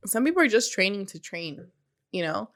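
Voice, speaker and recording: A woman's voice: mid-range voice, very animated, normal speed, a bit bright. Emphatic young woman in casual chat. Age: young adult. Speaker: guest, salon owner.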